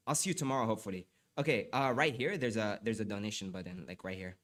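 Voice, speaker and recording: A man's voice: fairly low pitch, fast, fairly bright tone, soft background music. A young man livestreaming and chatting with viewers, often apologizing, stammering and repeating himself, a little stuffy from allergies. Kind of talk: casual live stream chat and reading aloud.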